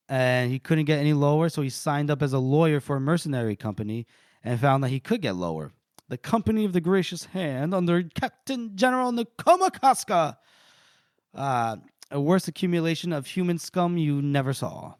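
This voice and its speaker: A podcast co-host with a fairly high-pitched voice retells a novel with relish in casual book-recap chat, animatedly reading out and voicing quotes. The sound is dry and close, with no echo.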